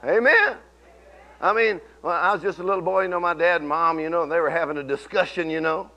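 A man preaching a sermon in church, telling folksy stories and swinging from low murmurs to shouted declarations. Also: fairly quick. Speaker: pastor.

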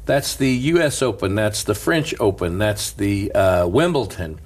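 A man's voice: on the low side, lively intonation, unhurried. A male pastor telling a story in casual chat, laughing often and breaking into a preaching cadence. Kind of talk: storytelling sermon-style chat.

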